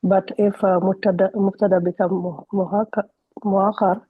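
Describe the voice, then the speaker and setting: A woman student answering her teacher hesitantly, restarting words as she goes. Her voice is husky and fairly flat, and the sound is tinny and phone-like with no room echo. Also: mid-range voice, moderate pace. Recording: tinny phone-like line, dry.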